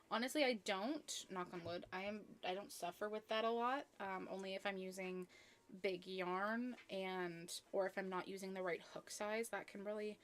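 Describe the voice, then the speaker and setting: A woman's voice: medium pitch, fairly bright tone. A young woman chatting casually on a crochet live stream, rambling with lots of ums and restarts.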